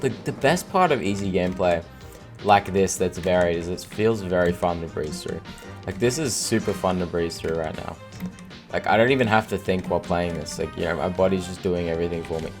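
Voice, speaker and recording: A young man from Australia with a very low, deep voice chats loosely while he plays, tired and full of fillers. Faint game music sits quietly underneath him. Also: a little fast. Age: 20s. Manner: rambling, filler-heavy, laughs often. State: tired, no sleep. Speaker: gaming streamer. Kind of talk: casual gameplay commentary.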